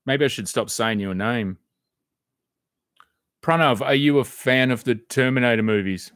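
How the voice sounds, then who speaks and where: A man's voice: mid-range voice, unhurried, fairly bright tone, dry recording, clean studio sound. A man hosting a live stream, answering viewer comments in a loose, rambling chat and swearing now and then. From Australia.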